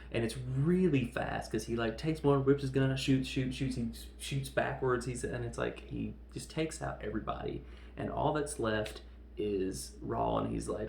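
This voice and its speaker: Man, gravelly voice, casual film recap, echoey room with faint background hum. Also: medium pitch. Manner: animated retelling with quick acted-out quotes. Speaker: podcast host reviewing films.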